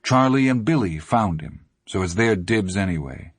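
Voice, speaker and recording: A man reading an audiobook, voicing an older teenage gang leader who speaks patiently with quiet menace. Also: lowish voice, lively intonation, moderate pace, breathy edge, no room sound, clean studio sound. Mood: calm menace.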